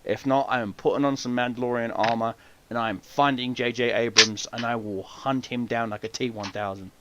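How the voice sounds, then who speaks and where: A man hosting a podcast, telling an animated story full of swearing and acted-out voices. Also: mid-range voice, a little fast, background noise. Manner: swears freely, animated, acts out quoted voices. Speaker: podcast host. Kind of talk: casual storytelling chat.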